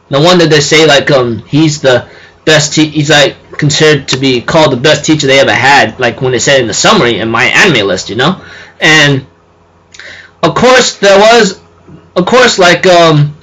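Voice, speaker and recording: A man's voice: on the high side, lively intonation, normal speed, pushed and bright, low-quality recording. A young man casually reviewing an anime episode, rambling, restarting sentences and laughing often.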